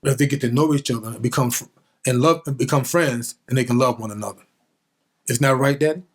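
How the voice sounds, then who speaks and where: A man acting out a small earnest boy answering his father. He hesitates with soft fillers, then speaks more quickly and sincerely. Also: medium pitch, close to an everyday voice. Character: earnest four-year-old boy answering his dad.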